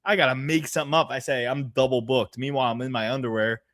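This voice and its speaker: Man, podcast co-host, casual chat, mid-pitched, laughs often, swears freely. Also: fast talker. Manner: laughs a lot, profane, animated storytelling.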